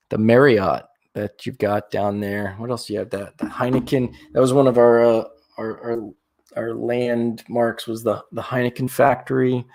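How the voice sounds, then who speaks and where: Young man, livestream host, gravelly fry, middle pitch, rambling casual chat, lots of restarts. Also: a little mellow. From Florida, USA. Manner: rambling, chatty, with many restarts and fillers. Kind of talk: casual live-stream chat.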